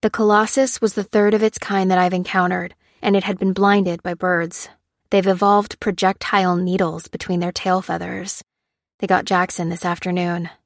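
A woman's voice: lowish voice, level tone, moderate pace, no room sound, natural voice. A woman voicing a guilt-ridden young woman survivor who talks bluntly and soberly in an audiobook. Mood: somber. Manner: blunt and dry, sober when confiding.

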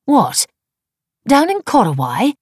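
Woman doing an exasperated middle-aged wife, pleading and sharp, dry close sound. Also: lowish voice, big pitch swings, moderate pace, breathy edge, no echo, pitched above the performer's own voice, full character voice.

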